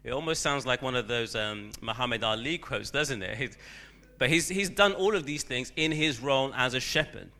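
A man's voice: medium pitch, animated, normal speed, vocal fry, sharp tone. A man preaching a sermon, talking loosely and hesitantly with lots of ums and uhs. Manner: rambling, hesitant with many fillers.

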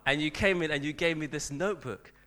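A man's voice: on the high side, fast talker, sharp tone, voice pushed up. A man playing a former schoolboy, now a young man, who speaks eagerly and politely and keeps calling his old teacher sir. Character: schoolboy grown into a deep-voiced young man.

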